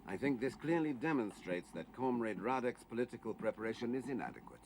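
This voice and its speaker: A man's voice: medium pitch, animated, fairly quick, a little mellow, close to an everyday voice. An actor playing an officious middle-aged male committee member in a TV drama, speaking formally and accusingly. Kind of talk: 1980s TV drama acting. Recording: noisy film soundtrack.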